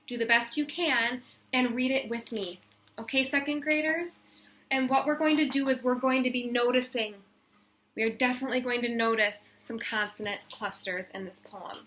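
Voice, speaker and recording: A woman teacher giving a recorded phonics lesson to young children, patient and sounding out letter sounds slowly and deliberately. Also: sits high, fairly bright tone. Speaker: elementary school teacher.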